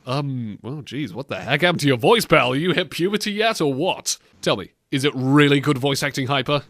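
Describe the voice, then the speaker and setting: A male podcast host riffing on game clips in animated, mocking banter. His voice is bright and forceful and swings widely in pitch. The sound is dry and close. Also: moderate pace, no room sound. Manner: animated, mocking, bursts into silly impressions. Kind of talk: casual comedic banter.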